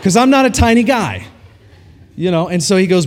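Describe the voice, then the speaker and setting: Animated preacher man in a reverberant hall. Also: high-pitched, fairly quick. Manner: animated storytelling preacher, acts out quoted dialogue. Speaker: pastor. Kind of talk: sermon.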